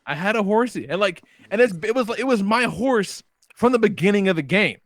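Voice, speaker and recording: A man co-hosting a podcast, telling a game story in casual chat, animated and profane, acting out voices. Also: sits high, brisk. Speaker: podcast co-host.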